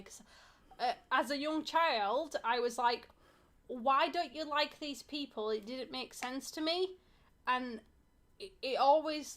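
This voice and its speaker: A woman's voice: fairly high pitch, fairly bright tone. A young woman from Yorkshire, chatting casually on a podcast with restarts, fillers and frequent laughter. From Yorkshire, England. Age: young adult. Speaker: co-host.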